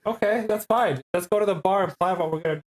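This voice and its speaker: A man's voice: sits high, fast talker. A man playing in a tabletop game, joking around and swearing casually. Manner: joking and profane. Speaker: player.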